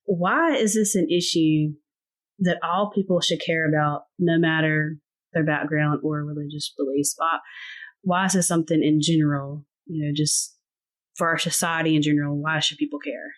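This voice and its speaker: A woman hosts a casual interview podcast. Her voice sits slightly low. She is chatty and encouraging and sprinkles her questions with "like.". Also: steady tone, normal speed. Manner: chatty, encouraging, many "like" and "yeah". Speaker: podcast host.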